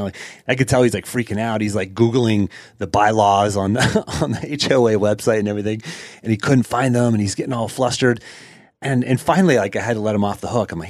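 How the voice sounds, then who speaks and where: A man's voice: on the low side, a little fast, no room sound, clean studio sound. A man hosting a podcast, telling a story in a chatty way with fillers and laughing as he goes. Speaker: podcast host. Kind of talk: casual storytelling monologue.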